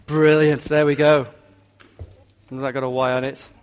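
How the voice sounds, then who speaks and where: A man's voice: medium pitch, little pitch movement, normal speed, clean tone, muffled recording. A man preaching a sermon in a church, emphatic and repetitive, drawing in the congregation. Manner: emphatic, repeats key words, talks with congregation.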